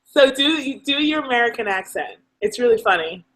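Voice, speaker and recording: Brief: woman, casual co-host, swooping lively voice, fairly high, giggles between lines. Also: normal speed, poor audio. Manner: teasing, coaxing. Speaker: co-host of a live video chat. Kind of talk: casual chat.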